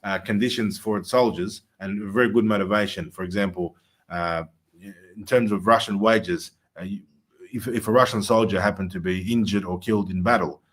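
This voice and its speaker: Male host, low voice, earnest and emphatic, pauses with "uh". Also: fairly even intonation, fairly bright tone. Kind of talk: political commentary chat.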